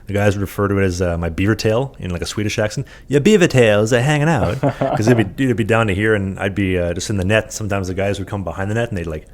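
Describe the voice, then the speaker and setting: A man's voice: low voice, quick pace, hardly any pauses. A man hosting a podcast, asking questions in a chummy, jokey way, full of "dude" and "like". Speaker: podcast host. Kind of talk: casual interview chat.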